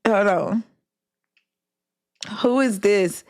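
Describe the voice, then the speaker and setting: A woman's voice: mid-range voice, drawn-out words, darkish tone. A woman hosting a casual livestream chat, blunt and exasperated, swearing freely and drawling slang. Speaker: livestream host.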